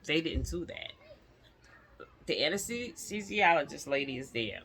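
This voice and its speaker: Woman vlogger, casual storytelling to camera; lively, bright-toned delivery. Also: sits low, unhurried, slight background noise. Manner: animated, chatty, laughs often, addresses viewers directly.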